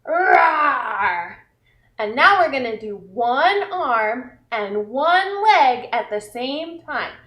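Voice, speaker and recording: Woman doing kids story time, high voice, slow and playful, cheering the little ones on. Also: very animated, fairly bright tone. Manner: slow, encouraging, talks directly to small children; playful, acts out animals. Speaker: children's librarian leading story time. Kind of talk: pre-k story time with movement and songs.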